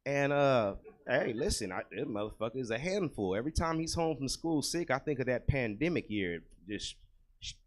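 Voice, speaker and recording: Talking directly to a comedy club audience, a man delivers crude, conversational stand-up at a normal speed. He's animated, alternating loud outbursts with low muttered remarks.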